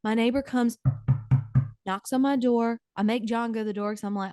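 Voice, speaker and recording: A woman's voice: fairly high pitch, fairly even intonation, normal speed, dark tone, smooth, no echo, clean studio sound. A middle-aged woman hosting a comedy podcast, telling a dramatic, gossipy story to her co-host.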